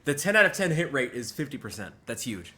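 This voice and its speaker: A man's voice: mid-range voice, fairly quick. A young man giving a live album reaction as a music reviewer, chatty and leaning heavily on filler words. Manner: animated, chatty, leans heavily on "like".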